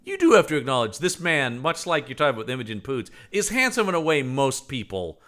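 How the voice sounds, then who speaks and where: A man's voice: mid-range voice, a little fast. A man co-hosting a podcast, chatting casually about films and acting out lines from them. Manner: animated, acts out quoted lines from movies. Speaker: podcast co-host. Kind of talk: casual movie commentary chat.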